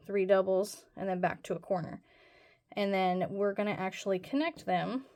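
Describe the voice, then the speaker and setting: A woman's voice: mid-range voice, darkish tone. A woman hosting a casual crochet tutorial, talking through each step in a rambling, self-deprecating way with plenty of fillers.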